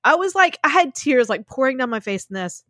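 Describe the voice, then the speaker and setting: A woman's voice: high-pitched, big pitch swings, a little fast, pushed and bright, no echo, clean studio sound. A woman, co-hosting a casual book chat, gushing and emotional as she calls listeners y'all. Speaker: podcast co-host.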